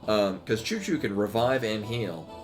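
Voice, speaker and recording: A man's voice: lowish voice, expressive, a little slow, over music. A man casually commenting while he streams a game, rambling and breaking off mid-thought. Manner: rambling, chatty, self-interrupting.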